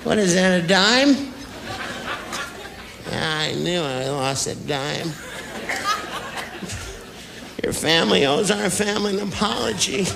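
A stand-up comedian in his act, playing a sloppy drunk man who holds a grudge and slurs, mumbles and bursts out loud. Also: high voice, animated, a little slow, gravelly, heavily acted. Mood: grudging. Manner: slurring, mumbling, sudden loud outbursts. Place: comedy stage before a live audience. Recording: noisy live club with audience laughter. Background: crowd laughter.

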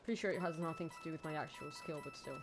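A woman streaming a video game, rambling and joking to herself, swinging from low mumbles to sudden squeals. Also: very fast, over music. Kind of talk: casual let's-play commentary.

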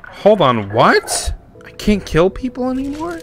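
A man giving loud, excitable commentary while playing a video game, often yelling and repeating himself in panic. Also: high voice, a little slow. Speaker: gamer. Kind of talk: let's play commentary. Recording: game music behind voice.

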